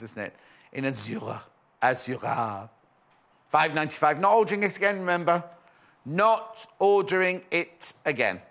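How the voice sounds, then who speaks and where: A man with a mid-range, slightly bright voice hosts a live shopping channel. He chats and rambles, cracking jokes and reading out messages from viewers.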